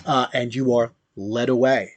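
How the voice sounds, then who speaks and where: Guy game-mastering, slow halting narration with lots of ums, dry sound. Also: mid-range voice, steady tone, no room sound.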